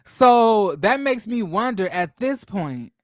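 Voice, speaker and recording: A man hosting a gossip commentary channel, talking in a brash, profane, theatrical way with drawn-out exclamations. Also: sits high, big pitch swings, dry recording, studio quality.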